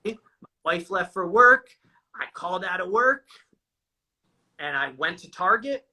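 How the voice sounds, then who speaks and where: Bright-voiced man talking candidly. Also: high-pitched, animated, a little slow, breathy edge, poor audio. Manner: casual and profane, says "dude" constantly. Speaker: guest sharing a recovery story. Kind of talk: candid conversational storytelling.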